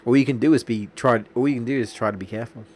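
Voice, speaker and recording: A man's voice: medium pitch, fairly even intonation, racing, darkish tone, slight background noise. A young man, streaming a video game and telling a long rambling story with lots of restarts. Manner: rambling, anecdotal, many restarts and fillers. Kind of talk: casual gameplay commentary.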